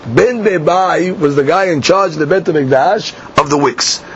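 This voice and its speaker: A man leads a Talmud class, reading the old lines slowly and then explaining them in English. His voice is gravelly and pitched a little high. The recording is muffled and lo-fi, with a faint hiss underneath. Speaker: Talmud teacher.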